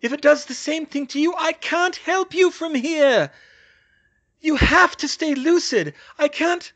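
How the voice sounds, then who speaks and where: Frantic young woman in an audiobook, desperate, high strained cries, read by a man. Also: lively intonation, measured pace, a bit bright, heavily acted.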